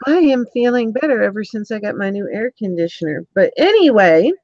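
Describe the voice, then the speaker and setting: A woman hosting a casual video-call interview, chatty with frequent ums, recovering from being sick and clearing her throat. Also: mid-range voice, animated, fairly quick, dry recording. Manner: chatty, warm-toned with filler ums. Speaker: interview host. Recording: dull lo-fi call audio.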